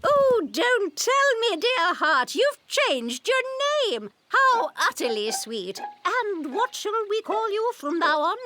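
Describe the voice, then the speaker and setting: Ermintrude, a vain gushing cow. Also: female voice, very high voice, sing-song, slow pace, few pauses, background noise, full character voice. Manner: theatrical, affected, calls everyone dear heart. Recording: music playing underneath.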